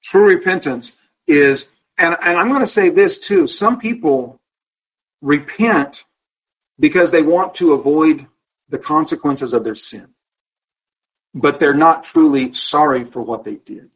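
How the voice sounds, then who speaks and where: Husky man teaching a Bible class. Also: on the high side, a bit bright, poor audio. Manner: asks the class rhetorical questions, checking in with "okay?"; candid and personal, slows down to stress key words.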